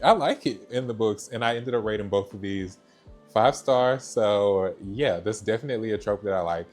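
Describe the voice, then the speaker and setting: A man's voice: fairly low pitch, normal speed, darkish tone, faint music behind. A young man from Georgia in the US, chatting casually about books he read, gushing and often saying "so yeah". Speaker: book reviewer. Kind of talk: casual book review chat.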